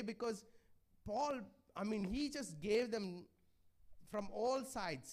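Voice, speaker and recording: A man preaching a sermon in a church, pleading and conversational, often checking in with the congregation. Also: high voice. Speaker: pastor.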